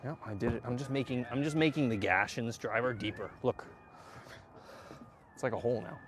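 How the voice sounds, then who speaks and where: A man chatting casually to viewers while hitting golf balls, excitable and self-mocking, swearing often and breaking into loud outbursts. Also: mid-range voice, fairly quick, heavy background noise. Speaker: golf vlogger. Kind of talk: casual range-session chat to viewers.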